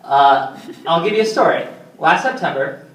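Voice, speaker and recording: A man's voice: on the high side, lively intonation, normal speed. A young man doing stand-up, telling rambling, self-deprecating stories full of fillers, recorded from far off in a roomy hall. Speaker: stand-up comedian. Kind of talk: stand-up comedy storytelling.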